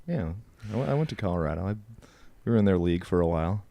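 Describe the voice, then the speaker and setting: Man with a lively voice cracking sarcastic jokes. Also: sits low, rapid-fire, creaky, no echo. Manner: wry, sarcastic quips. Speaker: guest co-host. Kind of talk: casual chat.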